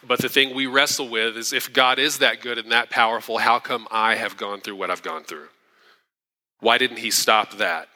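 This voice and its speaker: A man preaching a sermon as pastor, earnest and animated, acting out the quotes he tells. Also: lowish voice. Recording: long hall reverb.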